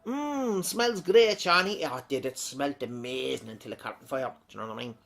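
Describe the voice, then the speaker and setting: A man's voice: medium pitch, little pitch movement, rapid-fire, gravelly. An Irish man reading out viewer comments in a chatty, rambling way, often breaking into laughter. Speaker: comedic vlogger.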